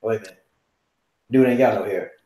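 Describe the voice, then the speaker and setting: A man telling a story in casual podcast chat, animated and profane, his voice climbing as he acts out both sides of a phone call. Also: on the low side, a little fast, roomy sound. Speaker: podcast co-host, called Coach.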